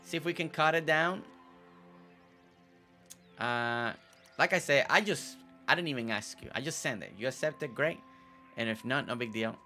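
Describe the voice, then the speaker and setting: A man whose first language isn't English chats his way through a game at a relaxed, everyday pitch. His voice sounds bright and forward. He repeats phrases, fumbles unfamiliar names, and keeps the commentary loose and conversational. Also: normal speed, pauses often, soft background music. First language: not English. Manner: chatty, repeats words, stumbles over names. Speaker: gameplay video host. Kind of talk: casual gameplay commentary.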